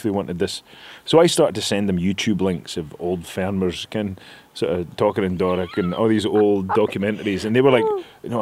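A man with a northeast Scottish accent telling stories in an interview, rambling and animated. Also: lowish voice, dry recording. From northeast Scotland. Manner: rambling, animated storytelling with laughs. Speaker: actor guest. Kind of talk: reflective interview chat.

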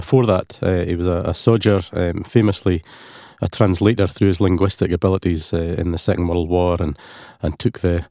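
A Scottish man speaks as an interview guest in a very low, mellow voice. He halts often and restarts his phrases. The sound is close and dry. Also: no echo. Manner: halting, with many fillers and restarts. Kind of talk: interview talk.

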